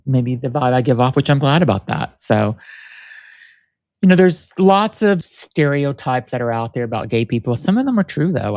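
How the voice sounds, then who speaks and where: A man's voice: medium pitch, gravelly, darkish tone, dry recording, studio quality. A man hosting his own podcast, talking casually and rambling with lots of fillers and restarts, his voice not very masculine. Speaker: podcast host. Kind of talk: casual solo podcast chat.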